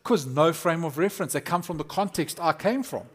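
A man preaching a lively, conversational sermon as a pastor, acting out quotes. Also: on the high side, a little fast, slightly rough.

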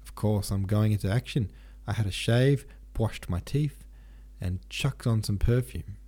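A man playing a hot-headed young cavalry officer who shouts and swears and turns his r sounds into w. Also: fairly low pitch, a little slow, slightly rough. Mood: brash. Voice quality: cannot say r, turns it to w.

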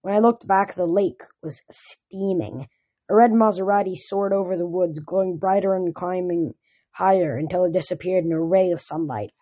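A woman's voice: lowish voice, moderate pace, warm tone, breathy edge, muffled recording. A woman reading a novel aloud in first-person narration, with small restarts. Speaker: reader.

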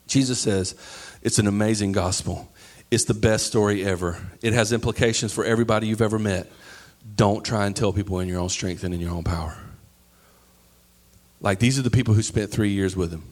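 A man in his thirties preaching a sermon, animated, sometimes breaking into high yelling as he acts out stories. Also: brisk. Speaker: pastor.

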